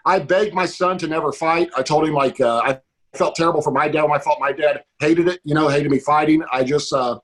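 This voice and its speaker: Fast-talking, rambling man. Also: fairly high pitch, fairly even intonation. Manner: rambling, lots of "like". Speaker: guest. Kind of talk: casual podcast chat.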